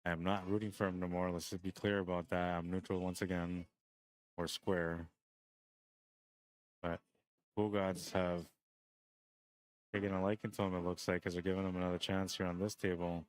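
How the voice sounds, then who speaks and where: Deep-voiced, tired man calling pool. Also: level tone, normal speed, pauses often. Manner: rambling, joking, chatty. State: short on sleep. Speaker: pool tournament streamer and commentator. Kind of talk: casual live-stream commentary.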